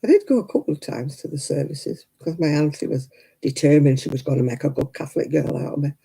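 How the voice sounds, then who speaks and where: Older woman, very mellow dark tone, host telling rambling stories at a craft stream. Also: sits low, fast talker, creaky, slightly rough, poor audio. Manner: chatty, rambling anecdotes with frequent "you know" asides. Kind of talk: casual storytelling chat.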